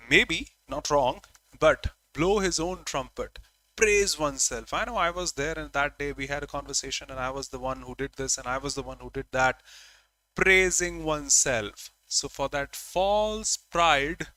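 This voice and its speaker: Male tutor, bright and forceful, lively explainer, dry close sound. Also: a little high, no room sound. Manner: lively, calls on students by name, acts out examples. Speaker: teacher. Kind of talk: online exam-prep lesson.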